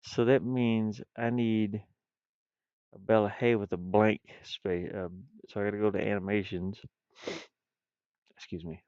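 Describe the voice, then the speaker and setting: Here the stuffy-nosed indie developer streams his game-building session, rambling, self-talking, and often chuckling. His voice is lowish, level, and darkish, with a clear, resonant tone, a slightly slow pace, and frequent pauses; the recording is dry and lo-fi.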